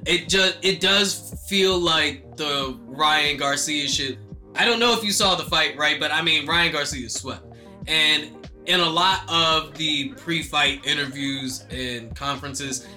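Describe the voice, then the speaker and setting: A man's voice: fairly high pitch, pushed and bright. A man casually chatting about rap beef and boxing, loose and joking, with lots of fillers and swearing. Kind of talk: casual hip-hop commentary chat.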